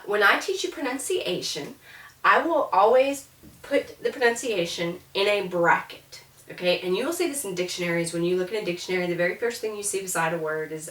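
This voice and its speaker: A woman's voice: lowish voice, fairly bright tone. Woman, French teacher, chatty classroom lecture, mic placed well back in a roomy space. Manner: chatty, repeats words to model pronunciation. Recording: echoey room from a distance.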